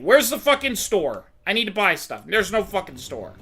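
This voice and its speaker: High, bright-voiced ranting gamer man. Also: huge pitch swings, moderate pace, hardly any pauses, breathy edge, faint music behind. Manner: frustrated, profane ranting. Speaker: let's play gamer. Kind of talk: casual gameplay commentary.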